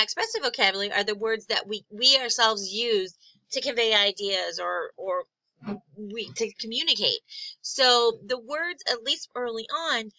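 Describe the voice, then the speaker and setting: A woman lecturing on psychology in a recorded class, filling pauses with many ums and restarting words. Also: on the high side, sharp tone, no echo, dull audio. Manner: frequent ums, halting restarts. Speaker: psychology instructor.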